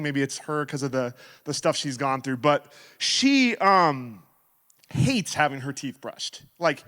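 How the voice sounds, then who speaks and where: A man in his thirties giving a sermon as guest speaker, telling stories in a playful, animated way. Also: on the high side. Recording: reverberant hall.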